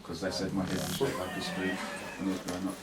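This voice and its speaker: British man, radio DJ guest speaker, very deep voice, animated, roomy classroom, music playing behind. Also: quick pace, far from the mic. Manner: animated, acts out examples, shifts loudness. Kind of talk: classroom talk on radio presenting.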